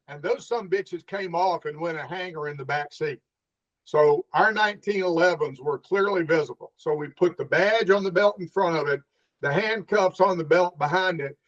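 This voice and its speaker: The speaker is a middle-aged retired police officer with a fairly high voice, talking at a normal speed. He tells lively stories in a casual interview, acting out the dialogue, captured on a dull, lo-fi recording.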